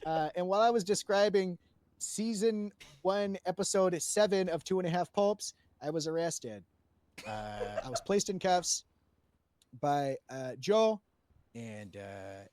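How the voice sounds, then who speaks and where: A man with a somewhat high voice tells a roleplay story to a panel in a loose, rambling way. He restarts his sentences often and swears freely. The sound is close and dry. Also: expressive, normal speed, darkish tone, no echo.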